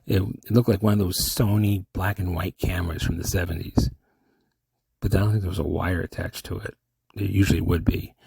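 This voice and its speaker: A man rambles and argues with himself in a comic back-and-forth, cutting off his own lines. His voice is low, gravelly and a little husky, with a dark tone. It is a dry, close recording. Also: steady tone, a little fast, no echo. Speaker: solo comedic performer. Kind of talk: self-dialogue character impressions.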